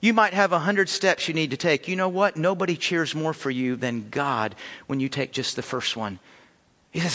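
A male pastor preaching a sermon emphatically, repeating his words and swinging between loud appeals and hushed lines. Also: on the high side, normal speed. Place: church sanctuary. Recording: long reverb of a church hall.

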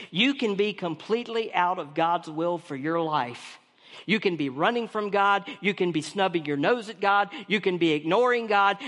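A man's voice: high-pitched, a bit bright, in a large hall. A male pastor preaching a sermon with emphatic, repetitive phrasing that builds through lists and questions.

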